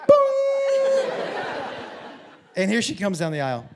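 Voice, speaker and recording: A stand-up comedian, a man with a high voice whose pitch leaps all over as he spins a story on stage. He is animated and profane, acts out the other people in his tale, and breaks into sudden shouts into a handheld mic. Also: moderate pace, a loud crowd, heavy background noise. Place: comedy stage before a live audience.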